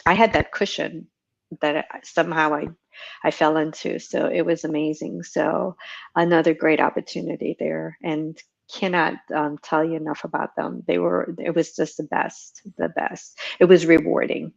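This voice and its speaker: Guest: middle-aged woman, very low voice, relaxed and rambling, slightly muffled audio. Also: moderate pace, creaky. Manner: rambling, many ums, laughs at herself. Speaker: guest, retired Navy chief petty officer. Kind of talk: relaxed storytelling interview.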